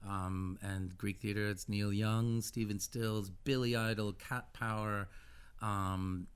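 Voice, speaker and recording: A man's voice: on the low side, steady tone, takes it slowly, smooth. A man in his fifties, a guest musician in a casual radio interview, who rambles through stories with many false starts and restarts.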